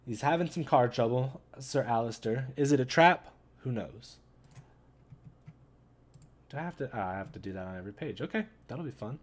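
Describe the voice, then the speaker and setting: A man hosting a gaming channel, reading a comic with viewers in an excitable, chatty way and talking straight to them. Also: medium pitch, moderate pace. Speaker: gaming YouTuber. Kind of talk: casual read-along commentary.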